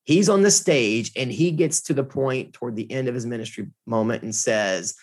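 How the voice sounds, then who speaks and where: Husky man telling a story. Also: medium pitch, a little fast, few pauses. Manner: animated, earnest storyteller. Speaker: guest. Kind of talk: casual storytelling in conversation.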